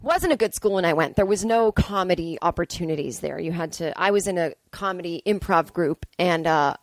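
A woman in her forties hosting a podcast, telling comic stories in a profane, ranting, animated way. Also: lowish voice, fairly quick, dry recording. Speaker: podcast host. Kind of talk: comedic storytelling monologue. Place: Brooklyn.

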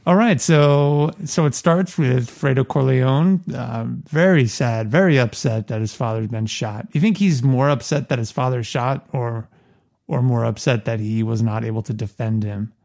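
A man's voice: mid-range voice, normal speed, creaky, darkish tone. A man co-hosting a podcast in casual chat, curious and asking many questions. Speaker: podcast co-host.

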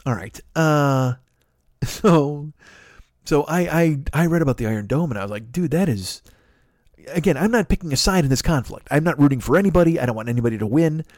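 A man's voice: a little high, expressive, a little fast, a little mellow, no echo, clean studio sound. Man rambling through a profane comic rant. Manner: profane, rambling, self-mocking. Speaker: podcast host.

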